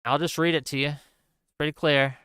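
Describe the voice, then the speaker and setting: A man hosting a political commentary livestream, talking straight to his viewers in a sarcastic, exasperated rant. His voice is bright and crisp, and the sound is dry and close with no room echo. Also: on the high side, steady tone, moderate pace. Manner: talks straight to viewers, reads chat. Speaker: political commentary show host.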